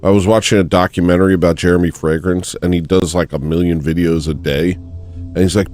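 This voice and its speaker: Low-voiced rambling comic streamer man. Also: fairly even intonation, fairly quick, darkish tone, soft background music. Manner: rambling, joking, self-mocking. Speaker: livestream host. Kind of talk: comedic livestream monologue.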